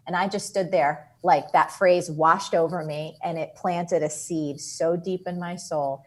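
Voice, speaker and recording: Husky, animated woman telling a story. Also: on the low side, a little slow, hardly any pauses. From New Jersey, USA. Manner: lively, expressive storyteller. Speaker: author and guest.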